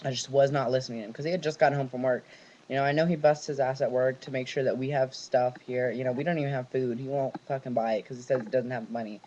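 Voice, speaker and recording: A young man from California vents at his camera at home, cursing freely as one story runs into the next. His voice sits at an ordinary middle pitch. The sound is dull and lo-fi, like an old webcam mic. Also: fairly even intonation, quick pace, a little mellow. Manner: ranting, heavy swearing, run-on storytelling. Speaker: vlogger. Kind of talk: venting personal vlog.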